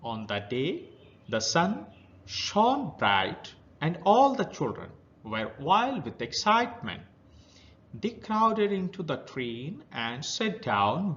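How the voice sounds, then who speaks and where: A man with an Indian English accent teaching a children's story. He reads each passage, then explains it in plain words at a very slow, careful pace, with a fairly high voice that moves up and down a lot. The recording sounds dull and lo-fi. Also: fairly bright tone, a little hiss or hum. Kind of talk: reading a story aloud and explaining it.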